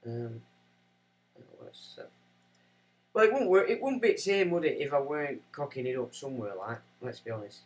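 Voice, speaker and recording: A man's voice: mid-range voice, animated, moderate pace, pauses often, rough recording. A man hosting a livestream, rambling and self-mocking as he chats to viewers. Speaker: livestream host. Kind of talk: casual livestream chat.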